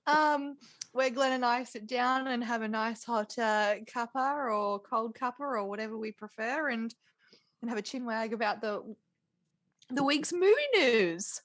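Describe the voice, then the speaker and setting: A woman co-hosting a casual movie podcast, playful and quick to giggle. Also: on the high side, fairly even intonation, fairly bright tone, no echo. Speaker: podcast co-host. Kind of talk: casual chat.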